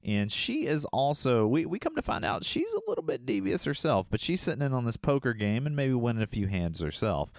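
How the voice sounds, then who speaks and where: A man's voice: medium pitch, huge pitch swings, brisk, few pauses, no room sound, studio quality. A man co-hosting a podcast, casually recapping a movie in a jokey way. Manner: jokey, acts out lines in playful voices. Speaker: podcast co-host.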